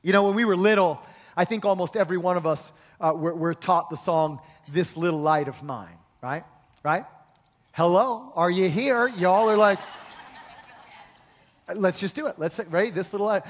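A male pastor preaching a sermon with energetic rhetorical questions and call-and-response with the congregation. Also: sits high, a little fast. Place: church hall. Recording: reverberant hall.

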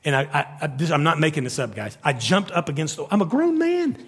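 A middle-aged man preaching a sermon, telling stories with animated energy that climbs to near-shouts. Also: a little high, fairly quick, breathy edge. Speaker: pastor. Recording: long reverb of a large hall.

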